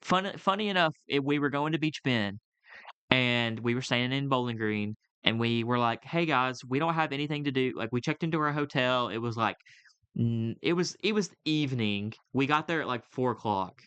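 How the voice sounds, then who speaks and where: A young man co-hosting a casual podcast, rambling through a story full of "like"s and restarts. His voice is smooth and resonant. It is recorded close and dry, with no room sound. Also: medium pitch, expressive, moderate pace, fairly bright tone, no room sound. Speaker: podcast co-host. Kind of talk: casual chat.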